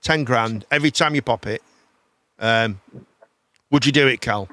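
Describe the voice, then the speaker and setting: A man hosting a live chat show, rambling in a casual, animated way and swearing freely. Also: medium pitch, moderate pace, dry recording.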